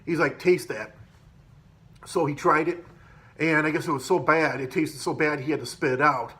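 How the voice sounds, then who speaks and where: Man, casual storyteller, slightly high voice, rambling and swears a lot. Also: fairly even intonation, brisk, bright, forceful tone. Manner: rambling, profane, with many fillers and restarts. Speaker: podcaster telling work stories.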